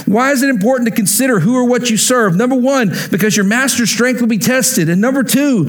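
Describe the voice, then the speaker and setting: A man with a fairly high voice preaches in a church. He is animated and playful, acts out the scenes he describes and drops in humorous asides. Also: a little fast, hardly any pauses. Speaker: pastor. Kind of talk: sermon.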